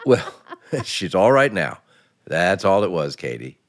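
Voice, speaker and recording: A jumpy, bumbling husband. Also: male voice, low-pitched, very animated, slow, heavily acted. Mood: flustered. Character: fretful middle-class husband, jumpy and bumbling. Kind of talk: 1940s radio acting.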